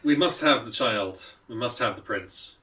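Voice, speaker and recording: A man's voice: medium pitch, animated, moderate pace, sharp tone. A man playing a stiffly polite, weary adventurer who speaks in formal terms. He sounds slightly distant from the mic in this tabletop game.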